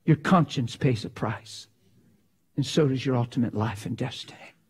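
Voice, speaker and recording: A male pastor preaching an impassioned sermon in a folksy way, dropping from loud cries to hushed whispers. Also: mid-range voice, normal speed, slightly rough. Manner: folksy, drops into slang like "ain't".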